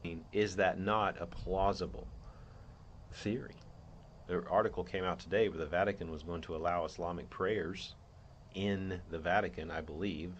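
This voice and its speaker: A man's voice: low voice, fairly even intonation, normal speed, lo-fi sound, a little hiss or hum. A man hosting his own show, laying out a theory in an earnest, rambling monologue with many restarts. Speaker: podcast host.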